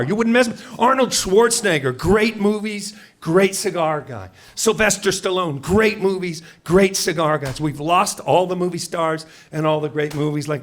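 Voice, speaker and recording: A middle-aged man from Seattle doing a stand-up set, brash and mock-indignant, firing off punchy rhetorical questions. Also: sits high. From Seattle, USA. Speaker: stand-up comedian. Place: comedy club stage before a live audience. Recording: loud crowd laughter and room noise.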